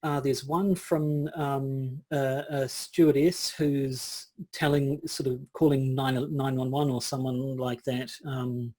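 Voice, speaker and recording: A man's voice: medium pitch, level tone, slow pace, hardly any pauses, mellow. A man co-hosting a podcast, talking in a casual, rambling way as he thinks aloud. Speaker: podcast co-host. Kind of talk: casual chat.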